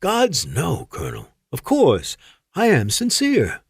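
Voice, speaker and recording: A man's voice: medium pitch, big pitch swings, a little fast, no room sound, clean studio sound, voice pushed up. A male narrator voicing a bitter, sarcastic alien officer in his mid-forties who speaks curtly. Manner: sarcastic, curt.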